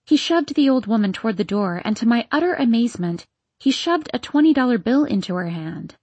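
A woman narrating a first-person story in a measured, expressive way, with a slightly breathy voice. The recording is close and dry. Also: on the high side, dry recording, highs cut off. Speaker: audiobook narrator.

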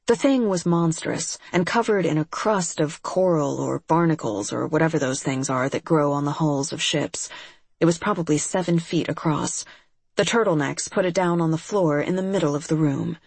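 An audiobook narrator reading a first-person story in a measured, steady way. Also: medium pitch, creaky, slightly rough, no echo.

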